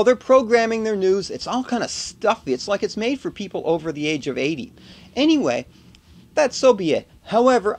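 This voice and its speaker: A middle-aged man from Canada with a high voice, chatting to the camera in a casual video blog. He tells his stories in a jokey, chatty way and laughs often. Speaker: video blogger. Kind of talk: casual storytelling vlog.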